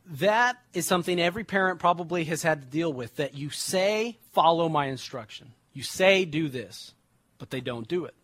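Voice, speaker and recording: A young adult man preaching, reading scripture slowly and then explaining it in casual everyday words. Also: on the high side, animated, fairly bright tone, dry recording.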